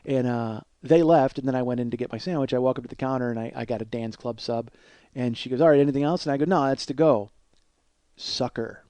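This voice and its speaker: A man's voice: medium pitch, quick pace, dark tone, no room sound. A man telling a long comic story about himself, rambling, self-mocking and profane. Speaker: comedy podcast host. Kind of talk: solo comedic storytelling.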